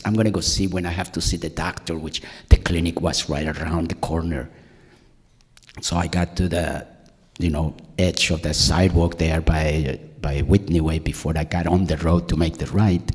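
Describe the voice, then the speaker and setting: A man's voice: deep voice, a little mellow, slightly rough. Guy doing live storytelling on a stage mic, rambly, keeps restarting, long hall reverb. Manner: rambling, self-mocking, with many restarts.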